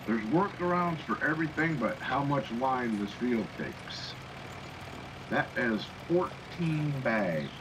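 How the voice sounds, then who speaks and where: Slow-talking man over engine noise. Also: medium pitch, big pitch swings. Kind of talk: casual voice chat.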